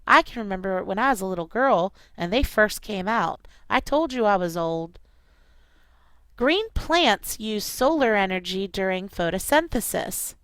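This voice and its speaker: Brief: middle-aged female teacher, upbeat kids' lesson, clear dry voice. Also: medium pitch, dry recording. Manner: lively call-and-response chanting. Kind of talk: recorded classroom lesson for kids.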